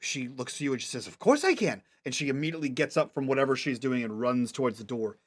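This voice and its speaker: A man narrating a tabletop game as game master, halting often as he searches for words. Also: medium pitch, fairly even intonation. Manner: halting, full of fillers and restarts.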